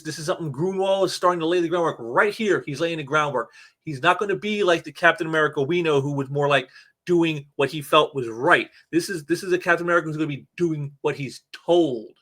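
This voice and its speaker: His voice sits on the high side and sounds a bit bright. The man offers casual commentary while reading a comic book aloud, reviewing it in a rambling way full of fillers and restarts, hitting key words for emphasis.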